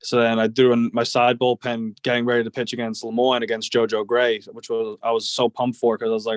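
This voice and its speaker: Young male ballplayer, casual guest, rambling storyteller with many fillers, monotone delivery. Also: mid-range voice, a little fast, few pauses, no echo. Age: 20s. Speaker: guest, professional baseball player.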